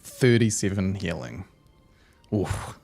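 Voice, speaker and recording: A man's voice: sits low, very animated, slow, gravelly, a little mellow, faint music behind. A man running a tabletop role-playing game, narrating scenes with loose, searching phrasing and frequent filler words. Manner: descriptive narration with frequent ums and likes. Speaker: game master.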